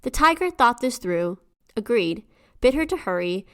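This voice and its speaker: A woman co-hosting a folklore podcast, chatting casually and retelling tales with animated quoted asides. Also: fairly high pitch, moderate pace. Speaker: podcast co-host. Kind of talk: casual storytelling chat.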